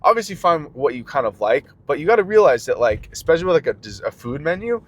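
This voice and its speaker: A man's voice: a little high, big pitch swings, fast. A man who runs a small business rants casually while driving his car, full of fillers and jumping between tangents. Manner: rambling, filler-heavy, jumps between tangents. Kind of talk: casual vlog rant.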